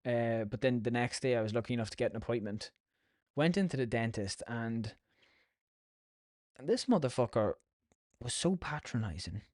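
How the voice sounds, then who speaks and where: A man's voice: medium pitch, expressive, normal speed, pauses often, a little mellow, no room sound, studio quality. An Irish man hosting a podcast, telling stories in a casual, rambling, sweary way. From Ireland. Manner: sweary, chatty storytelling. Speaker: podcast host.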